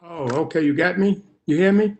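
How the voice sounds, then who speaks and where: A man's voice: high-pitched, brisk, slight background noise. A man in his sixties giving emotional public testimony over a remote call, his voice rising into urgent pleading.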